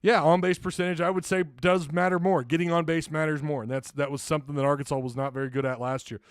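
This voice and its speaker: A man's voice: fairly high pitch, steady tone, fast talker, smooth, no room sound, studio quality. A man hosting a casual sports talk livestream, rambling and chuckling often, reading viewer comments and sponsor plugs. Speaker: sports talk show host.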